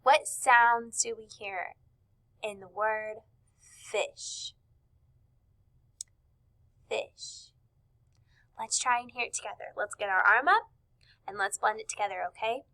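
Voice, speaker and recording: Upbeat lady teacher stretching out word sounds, bright tone, kinda high. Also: rough recording. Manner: slow, clearly stretched-out sounding of words. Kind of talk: recorded classroom reading lesson.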